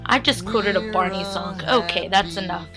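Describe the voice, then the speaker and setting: A young adult woman recapping a TV episode in an excited, chatty way, full of "like" and acted-out reactions. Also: mid-range voice, moderate pace, over music, rough recording. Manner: gushing, chatty, acts out lines with lots of "like". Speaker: fan vlogger recapping a TV episode.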